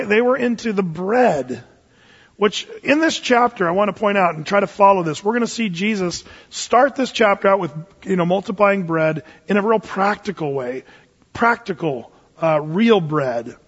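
Folksy male pastor, high husky voice, emphatic Bible teaching, muffled hall reverb. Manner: folksy, emphatic, chatty asides. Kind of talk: conversational verse-by-verse bible teaching. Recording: dull, echoey hall recording.

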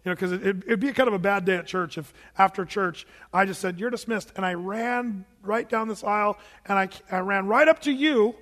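A man preaching a sermon in a church, telling stories with animated delivery and laughing with the congregation. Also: high-pitched, a little fast, few pauses, in a large hall. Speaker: pastor. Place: church sanctuary.

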